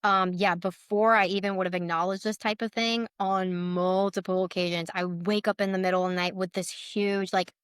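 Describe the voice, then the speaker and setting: Earnest woman with a smooth voice. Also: medium pitch, flat delivery, normal speed, few pauses, no echo, clean studio sound. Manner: earnest, emotional, heavy use of "like". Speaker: guest, letter board practitioner. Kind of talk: casual interview conversation.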